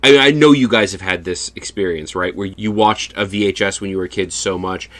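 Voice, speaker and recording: A man co-hosting a podcast in casual chat, excitable, swearing freely and laughing often. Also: low-pitched, fairly quick, no room sound. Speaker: podcast co-host.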